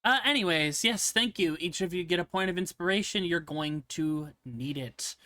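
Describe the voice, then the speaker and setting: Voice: mid-range voice, normal speed, pushed and bright, dry recording. A playful, teasing game master narrating a streamed tabletop game.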